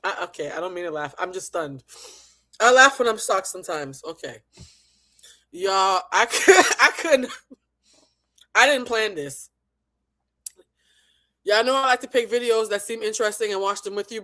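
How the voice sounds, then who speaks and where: A woman hosting a live reaction show with a voice that leaps high and drops low. She's sassy and mocking, breaking into laughter as she picks apart a clip, and sits a bit above the usual pitch. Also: animated, moderate pace, pauses often, pushed and bright. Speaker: host.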